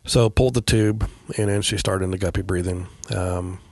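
A middle-aged man telling a personal story as a podcast guest, in a quiet, halting way with many pauses and fillers. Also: low-pitched, fairly even intonation, no room sound. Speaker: guest, veteran paramedic.

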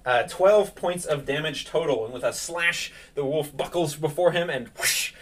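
A man narrating as game master of a tabletop game, relaxed and full of fillers. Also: fairly high pitch, normal speed, far from the mic.

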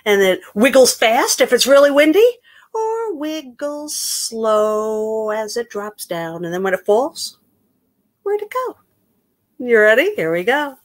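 A woman's voice: fairly high pitch, animated, unhurried. A woman, a children's librarian from Queens leading an upbeat, sing-song story time with songs. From Queens, New York.

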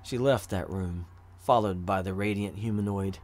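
A man narrating a fantasy story in an even, measured reading voice. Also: sits low. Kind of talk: audiobook narration of fantasy fiction.

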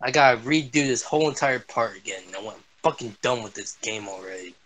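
A young man swearing and yelling his way through a shooter game as a gaming streamer. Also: mid-range voice, animated, brisk. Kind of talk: angry gameplay commentary.

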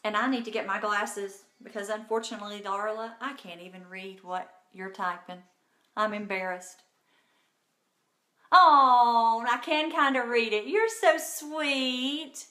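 A woman's voice: mid-range voice, moderate pace, bright, forceful tone, roomy sound. A woman hosting a casual live makeup tutorial from home, chatty and bubbly, talking to viewers by name. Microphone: phone.

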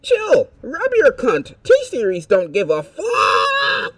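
A man putting on a ranting male online troll, read out slowly in a mocking, sing-song way. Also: very high-pitched, wildly swooping pitch, fairly bright tone, no echo, voice pushed up, heavily acted.

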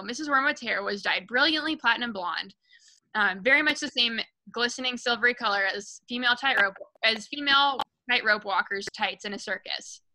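Bright-voiced woman reading a novel aloud. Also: a little high, poor audio. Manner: casual reading with restarts and self-corrections; raises her voice for quoted lines. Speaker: book club reader.

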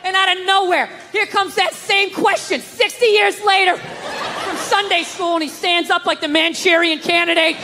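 A man's voice: very high voice, steady tone, normal speed. A man doing a stand-up comedy set, ranting in a profane, exasperated way with mocking asides. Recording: live club set with loud crowd noise. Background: audience laughter.

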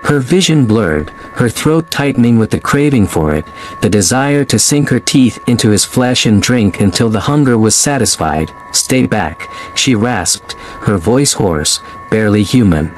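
A man narrating a scripted horror story in a measured, dramatic way. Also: on the low side, expressive, a little mellow, a little hiss or hum. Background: faint music.

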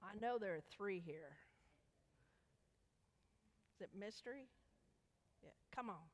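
A woman's voice: mid-range voice, animated, slow pace, a little mellow. Playful woman leading a children's sermon. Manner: playful, coaxing questions to children. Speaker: children's message leader. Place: church sanctuary. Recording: echoey church hall.

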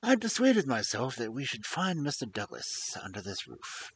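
A man playing a grave, measured detective. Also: mid-range voice, wildly swooping pitch, breathy edge, no echo, heavily acted. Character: grave, calm male detective, precise and authoritative.

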